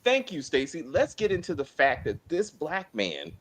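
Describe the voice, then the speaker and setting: Man, review co-host, high and lively voice, exasperated and profane. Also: moderate pace. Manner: animated, exasperated ranting with profanity. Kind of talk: casual spoiler review chat.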